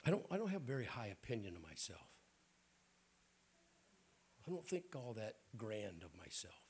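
A man's voice: on the low side, sing-song, moderate pace, vocal fry, darkish tone, slight background noise. An older man with a Southern accent preaching a sermon in a folksy, joking way. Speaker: bishop preaching.

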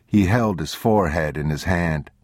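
A man narrating an audiobook in a measured, grave, unhurried way, on a close studio mic. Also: deep voice, no room sound. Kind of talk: scripted narration.

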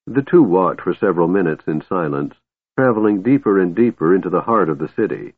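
Deep-voiced man narrating a story. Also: brisk, breathy edge, no room sound. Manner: storytelling, expressive. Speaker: audiobook narrator. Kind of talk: scripted narration. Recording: dry, tinny phone-like sound.

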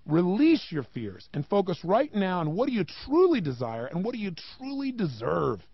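A man giving a motivational talk, emphatic and animated, with many rhetorical questions and a gravelly voice. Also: high voice, normal speed, lo-fi sound. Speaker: motivational speaker.

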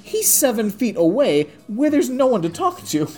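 A man's voice: very high-pitched, big pitch swings, normal speed, warm tone, soft background music. A man telling a story in casual chat, swearing often and sounding exasperated as he rants. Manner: profane, exasperated ranting storyteller.

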